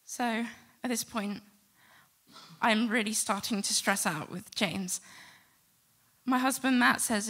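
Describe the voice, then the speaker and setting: Woman telling a lively story. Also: fairly high pitch, slow, pauses often. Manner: lively, animated retelling with acted-out quotes. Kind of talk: live storytelling to an audience. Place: stage before a live audience.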